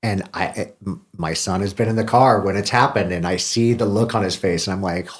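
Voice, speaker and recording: A middle-aged man with a deep, low-pitched voice talks openly on a podcast. He is candid and self-deprecating, owning his faults and dropping swear words in casual conversation. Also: a little fast. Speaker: podcast host.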